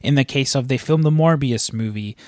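A man's voice: medium pitch, brisk, no room sound, clean studio sound. Rambling, profane male podcast host. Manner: rambling, profane, frequent restarts. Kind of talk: casual podcast chat.

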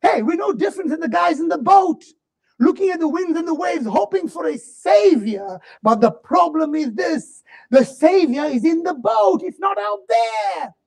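A male preacher delivers a passionate sermon in a strikingly high voice. His pitch rises and falls dramatically as he moves from fervent shouts to hushed, slowed-down lines. The delivery is animated and emphatic throughout. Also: vocal fry. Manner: impassioned, swings from shouts to low murmurs.

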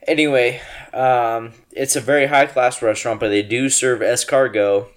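A man's voice: medium pitch, fairly even intonation, moderate pace. A young man from the Western United States, drunk, rambling and laughing as a podcast co-host. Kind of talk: casual chat.

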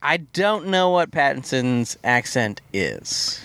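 A man chatting casually about a film on a podcast, agreeable and quick to laugh, recorded in a car. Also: mid-range voice, sing-song, a bit bright, clear, resonant tone. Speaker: podcast co-host. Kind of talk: casual film review chat.

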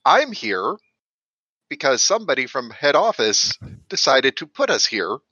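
A man playing a tabletop game, telling his take in an animated, storytelling way. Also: mid-range voice, measured pace, slightly rough, dry recording, poor audio. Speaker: player. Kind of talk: casual tabletop game chat.

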